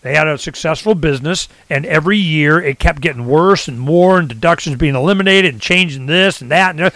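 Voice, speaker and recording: Man, casual rant, rambling and animated, slightly high voice, dry sound. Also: fairly quick, dry recording. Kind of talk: casual ranting chat.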